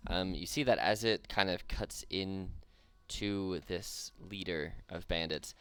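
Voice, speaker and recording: A man runs a tabletop game online in a very deep voice with plenty of gravel in it. He narrates the action and rules on rolls easily, with frequent laughs. The tone stays relaxed throughout. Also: takes it slowly, no room sound. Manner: easygoing, laughs often while narrating. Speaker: dungeon master.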